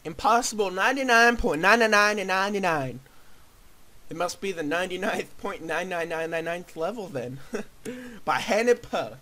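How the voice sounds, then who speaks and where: A young man giving goofy, excitable let's play commentary, often shouting. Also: high-pitched, unhurried. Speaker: gaming video host.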